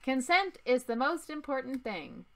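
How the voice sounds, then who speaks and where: A woman's voice: high voice, sing-song, measured pace, vocal fry, very noisy. A young woman hosting a card-opening vlog, chatting casually in a jokey, self-deprecating way. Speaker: YouTube host opening trading card packs. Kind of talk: casual chat.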